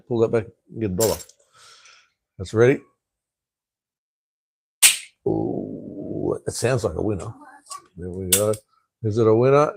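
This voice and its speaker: A man's voice: lowish voice, vocal fry, warm tone, slightly rough, no room sound. A middle-aged man, chatting casually on his live stream, rambling, swearing freely and full of ums and restarts. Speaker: livestream host.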